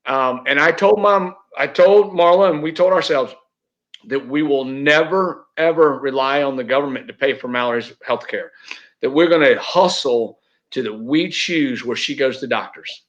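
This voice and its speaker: A man's voice: fairly high pitch, normal speed, a bit bright, dull audio. A middle-aged man telling a heartfelt personal story as an interview guest, earnest, with many restarts. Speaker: real estate agent, interview guest.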